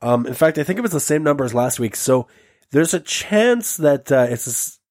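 A man's voice: a little high, animated, brisk, darkish tone. A man from Canada hosting a podcast, joking loosely and swearing freely in casual banter. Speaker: podcast host.

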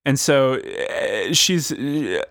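A man co-hosting a casual podcast, spinning a story as he goes. He rambles with lots of fillers and restarts, in a playful tone at an ordinary middle pitch. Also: lively intonation, very slow, a bit bright. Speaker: podcast co-host. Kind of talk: casual chat, improvised movie pitch.

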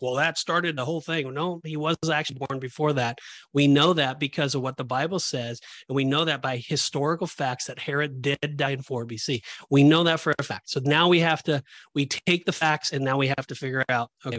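A man co-hosting a Christian podcast, explaining Bible passages in an emphatic, animated, conversational way. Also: on the high side, dry recording. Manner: animated, emphatic, acts out reactions. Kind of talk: casual Bible teaching discussion.

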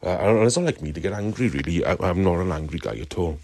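A man's voice: deep voice, expressive, fast talker, darkish tone. A Welsh man calling in to tell a rambling story, swearing constantly. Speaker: caller. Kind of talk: recorded call-in story.

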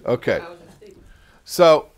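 A man teaching a religious text class in a casual, joking storytelling manner. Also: drawn-out words.

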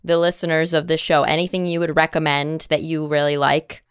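A woman with a slightly low pitch and a smooth, clear voice hosts a podcast. She teases her guest and laughs a lot. The recording is dry and close. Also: flat delivery, brisk, no echo. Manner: giggly, teasing interviewer. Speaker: podcast host. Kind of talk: casual chat.

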